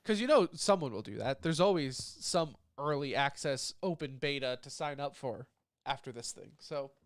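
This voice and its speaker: A man's voice: medium pitch, lively intonation, moderate pace, no room sound. A man hosting a podcast in a casual chat, his voice a bit nasal from a lingering cough. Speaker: podcast host.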